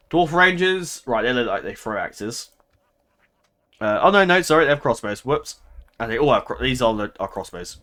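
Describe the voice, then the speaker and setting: A man's voice: mid-range voice, sing-song, unhurried, long pauses, fairly bright tone. A man giving casual game commentary, chatty and prone to laughing, thinking aloud and second-guessing himself as he goes. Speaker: gameplay commentator.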